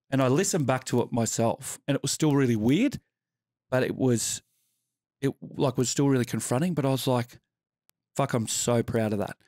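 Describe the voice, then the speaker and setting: A man's voice: medium pitch, dry recording. Australian man, middle-aged, open and sweary interview guest, dry close sound. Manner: candid, sweary, animated storytelling. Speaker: podcast guest. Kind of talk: casual interview storytelling.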